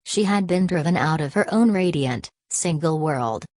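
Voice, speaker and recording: A woman with a low, deep voice reads a classic novel aloud in a measured, steady way. The recording is dry and close, with no room sound around her. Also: no echo. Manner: measured, steady literary reading. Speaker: audiobook narrator. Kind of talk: scripted narration of a classic novel.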